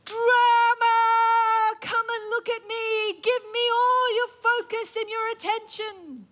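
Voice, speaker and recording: A woman preacher voicing a shrill, nagging spirit of drama that pesters with urgent demands during a sermon. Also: steady tone, takes it slowly, fairly bright tone, exaggerated voice. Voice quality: high, insistent, urgent.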